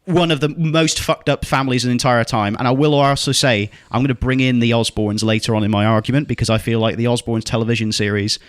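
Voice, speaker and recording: A man's voice: medium pitch, steady tone, fast, hardly any pauses, no echo, studio quality. A man hosting a podcast debate, arguing passionately with plenty of swearing and emphatic repetition. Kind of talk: casual debate chat.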